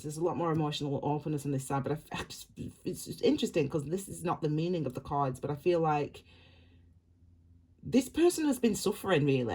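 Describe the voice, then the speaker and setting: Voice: medium pitch, darkish tone, husky. A tarot reader talks straight to the viewer in a loose, rambling way, circling back and repeating the same phrases. The voice sits in a middle register and the reading stays casual and reassuring throughout. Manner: reassuring, direct address to viewer.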